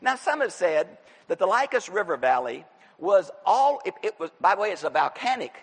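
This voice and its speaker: High, animated preacher in an echoing hall. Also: male voice, moderate pace, husky. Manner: animated, emphatic, bursts into shouts. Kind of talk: expository sermon. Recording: echoey hall reverb.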